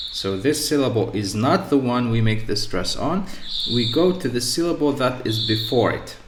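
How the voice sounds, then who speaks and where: Male teacher, very slow delivery, repetitive explanations, echoey room, faint background hum. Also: medium pitch. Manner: slow and repetitive, often says "okay" and "so". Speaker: English teacher.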